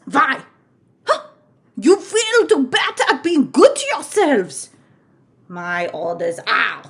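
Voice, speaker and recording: A gravelly witch queen, thick foreign accent. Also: a little high, a bit bright, exaggerated voice. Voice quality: exaggerated put-on foreign accent. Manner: theatrical, slow menacing commands with sudden shrieks. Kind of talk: live-stream comedy impression.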